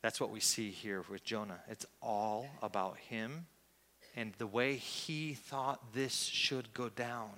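A male pastor preaching a sermon, reflective and confessional, with hesitant pauses, in a church. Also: lowish voice, bright, forceful tone, long reverb tail.

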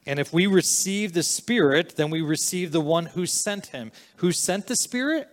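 Guy preaching a sermon, kinda high voice, earnest, gets loud then goes quiet. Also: animated, normal speed. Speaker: pastor.

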